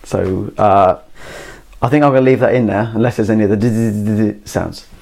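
Gravelly man rambling on. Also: fairly low pitch, fairly even intonation, brisk, a little mellow. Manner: meandering, full of "you know" and "like". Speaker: solo podcast host. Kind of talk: rambling casual monologue. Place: garden shed. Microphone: camera mic.

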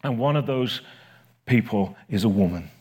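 A man's voice: fairly low pitch, animated, normal speed, a little mellow, breathy edge. A man, a pastor, preaching a sermon in a conversational way, building to rising emphasis.

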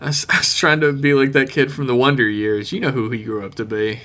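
Man, mid-pitch podcast co-host, casual and jokey recap banter. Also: flat delivery, fairly quick, sharp tone. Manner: jokey, laughs often, acts out quotes. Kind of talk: casual chat recapping a TV episode.

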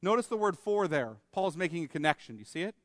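A man's voice: a little high, big pitch swings, fast talker, no room sound, studio quality, big-room sound. A man preaching a sermon as pastor, emphatic, asking rhetorical questions and acting out little scenes. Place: church sanctuary.

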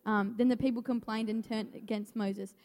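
A woman's voice: a little high, steady tone, normal speed, a little mellow. Nervous young woman preaching. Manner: nervous, stumbling reading with restarts. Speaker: youth speaker. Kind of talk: church message. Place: church hall. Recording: long hall reverb.

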